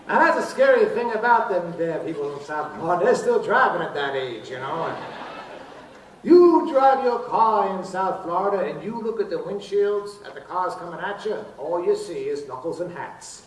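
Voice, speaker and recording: A man's voice: high voice, big pitch swings, moderate pace. A man impersonating a famous crooner on a casino stage, telling jokes between songs in a lazy, easygoing crooner patter. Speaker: tribute performer doing a famous crooner. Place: casino showroom stage with live audience. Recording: roomy live showroom, distant, audience and noise.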